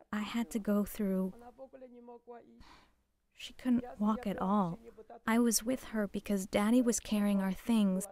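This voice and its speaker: A woman's voice: medium pitch, mellow. Older Polish-born woman telling her memories. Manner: emotional, halting storytelling, repeating words. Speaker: survivor giving testimony. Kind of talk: personal testimony.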